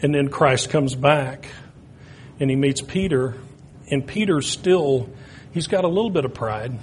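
A man's voice: medium pitch, a little slow, a little hiss or hum. Emphatic man preaching a sermon. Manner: storytelling, rising to loud emphatic peaks.

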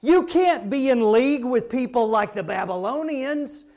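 A man voicing an anguished male prophet who protests loudly and incredulously to God. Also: sits high, sing-song, unhurried, husky, heavily acted.

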